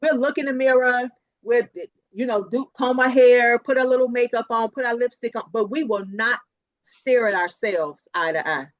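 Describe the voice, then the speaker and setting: A woman giving a motivational keynote talk over a video call, lively, laughing often and repeating points for emphasis. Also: fairly high pitch, moderate pace, no echo, dull audio. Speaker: keynote speaker.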